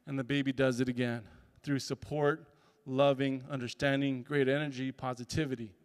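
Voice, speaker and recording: A man's voice: medium pitch, flat delivery, normal speed, clean tone. A man giving a motivational talk as a summit speaker. He tells stories and acts out voices and sounds. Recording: reverberant hall.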